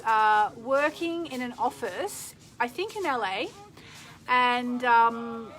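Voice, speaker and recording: A woman's voice: on the high side, fairly bright tone, poor audio. A middle-aged woman hosting a casual live stream, chatting in a rambling way and reading out viewer comments.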